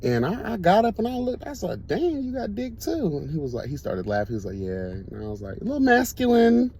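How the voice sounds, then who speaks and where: A host chats casually with his audience, telling stories in a high, fast, swooping voice that rises and falls a lot. He's camp and animated, laughing often, with slight background noise.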